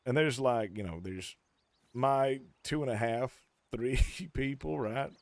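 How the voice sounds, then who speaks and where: A man's voice: mid-range voice, takes it slowly, dry recording. A man casually telling a long story to friends on a call, swearing freely and acting out what people said. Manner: animated, profane, acts out quotes mid-story. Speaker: streamer.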